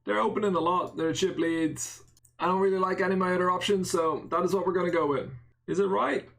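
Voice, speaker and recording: An Irish man chatting through a poker stream, his voice sitting a little high and catching in a gravelly creak. He talks casually to his chat, joking at his own expense and swearing freely. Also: quick pace, fairly bright tone. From Ireland. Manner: casual banter, self-mocking, swears freely. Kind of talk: live-stream poker commentary, reading chat.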